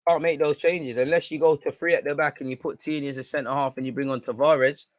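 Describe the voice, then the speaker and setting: A man hosting a live football watchalong, reacting excitedly, shouting at players and the referee and swearing now and then. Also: on the high side, quick pace, no room sound. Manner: talks while eating. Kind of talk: live match reaction commentary.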